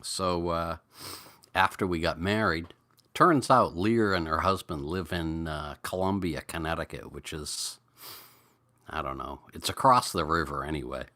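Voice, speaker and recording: A middle-aged man with a New England accent, rambling through stories and greeting viewers on a relaxed live chat. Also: low-pitched, a little slow. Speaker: livestream host.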